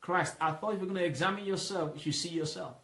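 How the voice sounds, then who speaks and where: A man's voice: high voice, fairly bright tone. A man leading a Bible study, explaining patiently and asking questions for the listener to fill in. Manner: asks questions and lets the listener fill in the answer; explains patiently, repeating points slowly. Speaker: Bible teacher. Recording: roomy echo.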